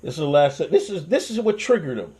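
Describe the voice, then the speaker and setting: Brisk and on the high side, this young man's voice carries an animated, swear-filled rant on the channel he hosts. He keeps restarting himself and breaking into laughs.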